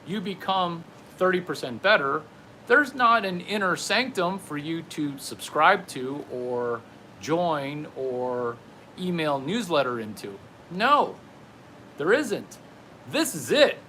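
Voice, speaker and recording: Animated, bright-voiced man riffing comedically. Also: on the high side, slow pace, a little hiss or hum. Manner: playful, riffing, absurd tangents. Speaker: comedian vlogger. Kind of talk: rambling comedic monologue to camera.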